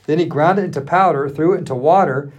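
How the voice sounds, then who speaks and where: A male pastor reading scripture aloud on a podcast, acting out the quoted speech and pausing for the odd aside. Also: on the high side, husky, highs cut off. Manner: expressive reading, acting out the quotes with laughs between.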